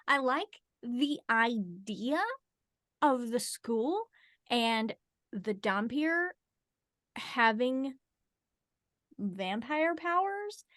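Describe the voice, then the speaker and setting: Slow-talking higher-voiced woman, joking. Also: expressive, a bit bright, no room sound, studio quality. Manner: teasing, joking, drawn-out speech. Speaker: podcast co-host. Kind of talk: casual book chat over a video call. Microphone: video call.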